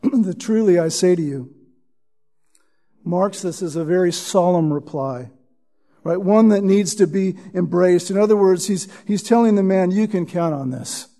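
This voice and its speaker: A man preaching a sermon as pastor, teaching through scripture and sinking to a hushed tone when he quotes. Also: sits high, a little slow.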